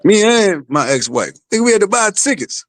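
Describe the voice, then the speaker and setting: A man's voice: high-pitched, sing-song, normal speed, a bit bright, dry recording. A man, the father of a boxer, telling a story in blunt, profane casual podcast talk.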